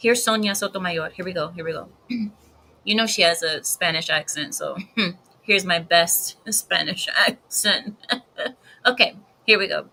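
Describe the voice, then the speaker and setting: Lady ranting on her vlog, slow and deliberate, bright voice, repeats stuff for emphasis. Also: on the low side, a little hiss or hum, poor audio. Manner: blunt, emphatic, repeats herself for effect. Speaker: video commentator. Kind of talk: casual commentary vlog.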